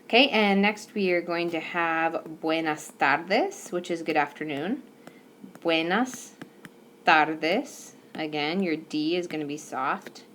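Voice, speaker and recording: Slow, careful woman teaching a lesson. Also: low-pitched, fairly bright tone, slight background noise. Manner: slow, careful, patient explanation with fillers. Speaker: Spanish teacher. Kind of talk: recorded whiteboard lesson. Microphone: tablet microphone.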